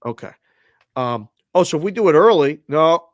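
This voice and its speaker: A man with a Boston accent tells a story in casual chat, his pitch a bit high and swinging widely as he acts out both sides of the exchange. He is heard on a dry, close remote feed over a video call. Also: animated, normal speed, dry recording. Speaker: co-host of a sports betting show.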